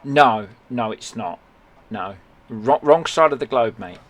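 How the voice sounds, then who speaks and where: A man's voice: medium pitch, animated, a little slow. Joking man streaming a game. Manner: jokey, teasing banter. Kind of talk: casual gaming chat.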